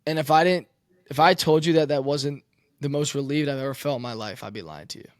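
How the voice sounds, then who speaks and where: A man's voice: fairly high pitch, fast, no room sound, clean studio sound. A young man who plays college quarterback, telling his story candidly and emotionally, swearing and saying "man". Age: young adult.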